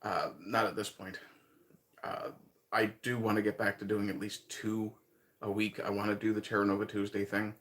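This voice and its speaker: With a lowish, fairly bright voice, he speaks at normal speed in a flat manner. The man is a livestream host from Newfoundland, Canada, whose light accent colors his casual, rambling chat with viewers, full of chuckles and thinking aloud.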